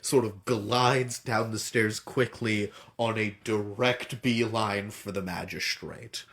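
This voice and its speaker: Brief: male game master, low, unhurried, descriptive narration. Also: fairly even intonation, a bit bright. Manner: laid-back, descriptive, with frequent ums.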